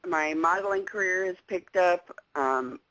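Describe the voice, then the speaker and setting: A woman's voice: fairly low pitch, a little slow, a bit bright, no echo, rough recording. A woman from Alaska, a guest on a casual radio chat, laughing often between phrases.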